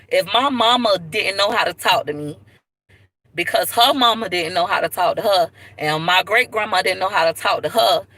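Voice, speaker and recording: A woman speaks straight into her phone on a live stream, open and unguarded as she tells her story. Her voice is bright and forward, with a heartfelt edge and moments close to tears. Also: medium pitch, no room sound, poor audio. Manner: candid, tearful at times, Southern US slang. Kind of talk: emotional personal storytelling.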